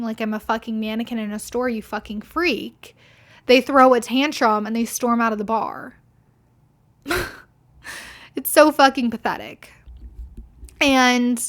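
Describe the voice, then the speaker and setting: A woman's voice: fairly high pitch, fairly bright tone. A young woman hosting a podcast, telling a personal story in a blunt, indignant way, full of swearing and "like". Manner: blunt, heavy swearing, frequent "like"; indignant, venting. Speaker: podcast host. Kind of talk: casual storytelling monologue.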